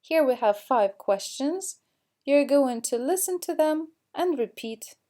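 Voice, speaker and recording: A woman teaching English pronunciation, explaining slowly and acting out example questions with exaggerated rising and falling intonation. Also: high voice, animated, warm tone. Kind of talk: slow classroom explanation with spoken examples.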